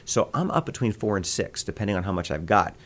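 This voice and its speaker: A low-voiced man from the American Midwest chats in an interview. He tells stories with animated energy and jumps into quick voices now and then. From Midwest United States. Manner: animated storyteller, quick bursts of voices and laughter. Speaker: voice actor guest. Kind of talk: interview conversation.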